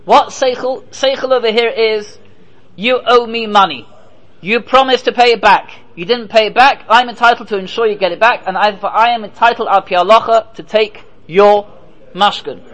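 Emphatic rabbi giving a Torah lecture. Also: male voice, sits high, normal speed, fairly bright tone, rough recording. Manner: emphatic, asks and answers rhetorical questions; mixes in Hebrew and Yiddish terms. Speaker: rabbi teaching.

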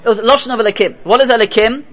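A man giving a spoken Torah class, telling stories lively and mixing Hebrew and Yiddish terms into his English. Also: extremely high pitch, rapid-fire, dull audio. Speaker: Torah teacher.

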